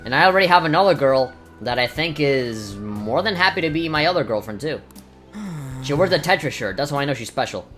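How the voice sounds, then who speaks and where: A woman's voice: low-pitched, lively intonation, fairly quick. A woman commentating a video game in a crude, sarcastic, jokey way, with game music behind. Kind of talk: let's play commentary.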